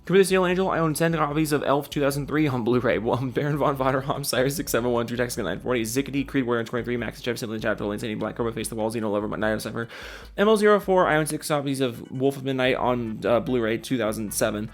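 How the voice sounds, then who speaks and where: Male YouTuber, sick and worn out, rapid gravelly delivery of a name list. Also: medium pitch, steady tone. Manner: rambling, swearing, mock-dramatic. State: sick and tired. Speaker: YouTuber reading out supporter names.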